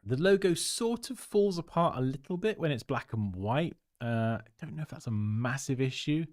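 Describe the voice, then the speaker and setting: A man's voice: mid-range voice, expressive, normal speed, a little mellow, no echo, clean studio sound. A man hosts a livestream, giving chatty, upbeat feedback on viewers' design work and laughing often. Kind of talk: casual livestream commentary.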